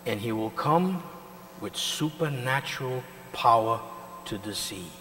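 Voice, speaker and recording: A man of middle pitch preaching to his congregation, his voice carrying a long echo through the hall. He jumps between forceful emphasis and near-quiet asides, and keeps prompting the listeners to answer his questions. A faint mains hum sits under the recording. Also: animated, measured pace. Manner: call-and-response questions to the congregation. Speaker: pastor. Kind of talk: sermon.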